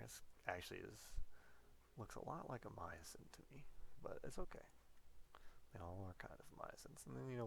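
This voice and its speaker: A man's voice: sits low, gravelly, a little hiss or hum. A man giving a casual whiteboard biology lecture, playful and rambling, often correcting himself as he goes.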